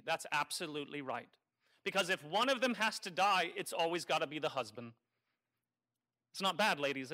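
Male priest, homily delivery, wry and conversational, bright and slightly high voice. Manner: conversational and wry, teasing the congregation. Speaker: Catholic priest. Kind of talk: sermon.

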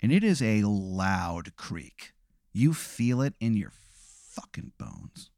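A man narrates a rambling, profane hypothetical in the second person, piling on vivid detail. His voice swoops with lively pitch. The recording is dry and close. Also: slow pace, no echo. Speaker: host telling a hypothetical. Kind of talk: improvised second-person storytelling.

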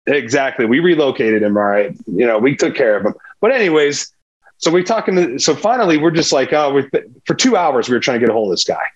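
Man, podcast guest, husky voice, animated storyteller, dull lo-fi sound. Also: mid-range voice, fast talker. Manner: animated, tells a hunting story with lively quoted dialogue. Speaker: guest, former pro football player. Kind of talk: casual storytelling interview.

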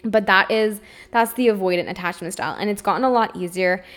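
A young adult woman hosts a solo podcast, speaking fairly quickly in a medium-pitched, slightly bright voice. Her candid monologue is open and emotional, and she says "like" a lot.

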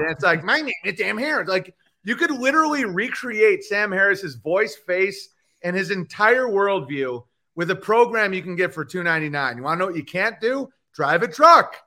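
Male comedian guest, high bright voice, profane fast-shifting rant with mock voices. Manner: ranting, profane, jumps into mocking put-on voices. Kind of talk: animated podcast chat with comic bits.

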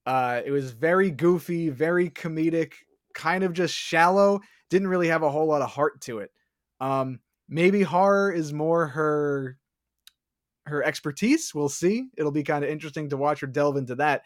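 A man's voice: on the high side, normal speed. A man co-hosting a casual podcast, speaking in a laid-back, opinionated way with frequent fillers. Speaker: podcast co-host. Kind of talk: casual chat.

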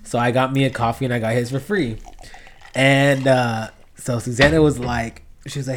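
A man's voice: medium pitch, fairly even intonation, a little slow, pauses often, slight background noise. A young man co-hosting a casual podcast, a laid-back, rambling storyteller who swears a lot. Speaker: podcast co-host. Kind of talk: casual chat.

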